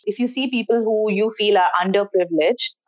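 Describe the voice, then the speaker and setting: A woman talking casually and frankly, swearing freely and telling stories in an animated way. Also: medium pitch, brisk, muffled recording. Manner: frank, profane, animated storytelling. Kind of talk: casual philosophical chat.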